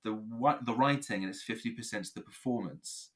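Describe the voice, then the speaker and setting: A man from England explaining rap rhyme in a relaxed conversational way, animated and playful, laughing easily. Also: lowish voice, normal speed.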